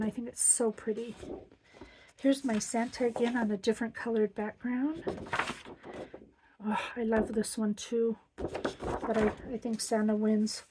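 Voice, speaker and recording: A woman's voice: fairly high pitch, noisy background. A middle-aged woman chatting casually through a craft supply haul, gushing with lots of ums. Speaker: crafting vlogger. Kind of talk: casual show-and-tell haul.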